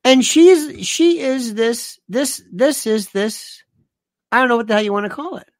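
A woman's voice: fairly high pitch, moderate pace, no echo, clean studio sound. A woman giving a political commentary monologue, indignant and sarcastic, who hammers points by repeating phrases. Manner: sarcastic and scornful.

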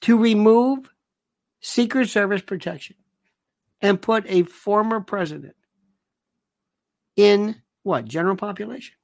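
Slow-talking, scornful woman commentator. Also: medium pitch, creaky, a little mellow, no room sound, studio quality. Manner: indignant, repeats phrases for emphasis; sarcastic and scornful. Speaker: political commentator. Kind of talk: political commentary monologue.

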